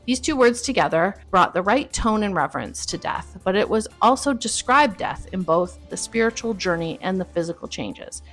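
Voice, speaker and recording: A woman hosts a podcast and reads a scripted segment at an ordinary middle pitch. Her delivery is wry and explanatory. Faint music sits under her voice. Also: animated, moderate pace, hardly any pauses, a bit bright. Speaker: podcast host.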